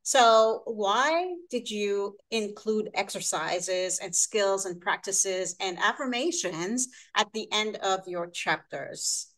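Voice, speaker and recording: A woman's voice: medium pitch, slow pace, few pauses, fairly bright tone. A woman hosting a podcast interview, encouraging her guest with short affirmations and asking about her book. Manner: encouraging, frequent brief affirmations. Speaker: podcast host.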